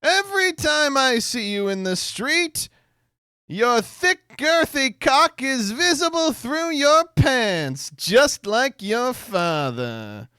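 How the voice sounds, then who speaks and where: A man voicing a greedy, lecherous old male banker villain, talking slowly and leeringly in a film parody. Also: very high voice, big pitch swings, pushed and bright, smooth, dry recording, studio quality, voice pushed up, heavily acted. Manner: slow, drawling, leering.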